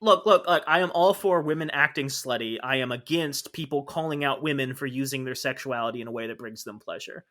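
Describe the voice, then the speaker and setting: A man with a bright, forceful voice co-hosting a podcast in casual chat. He rants with sarcastic disdain, piling up complaints. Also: medium pitch, a little fast, hardly any pauses. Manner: sarcastic, ranting. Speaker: podcast co-host.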